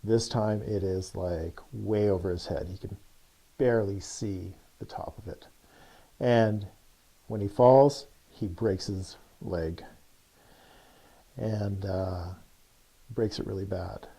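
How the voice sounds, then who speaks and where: A male coach telling a parable in a relaxed, conversational way, full of likes and uhs. His voice sits fairly low, with a warm, mellow tone. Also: slow, creaky, pauses often, slightly rough. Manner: loose and chatty, many fillers. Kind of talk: casual storytelling.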